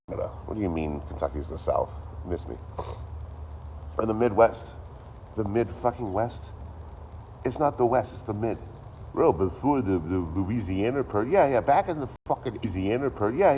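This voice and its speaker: Low-voiced man ranting profanely. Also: slight background noise. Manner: profane, animated ranting with repeated lines. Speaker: streamer. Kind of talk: casual rant to a live chat.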